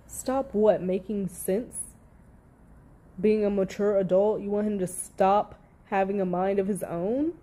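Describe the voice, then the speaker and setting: A woman's voice: medium pitch, fairly even intonation, unhurried, warm tone. A woman giving heated reaction commentary on audio clips, blunt, profane and exasperated.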